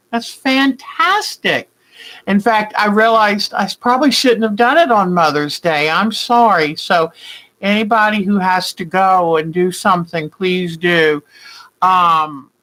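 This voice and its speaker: Bright-voiced older woman, chatty. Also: lowish voice, low-quality recording. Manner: chatty and warm-hearted, greets viewers by name, rambling asides. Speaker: quilting vlog host. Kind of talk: casual live chat with viewers.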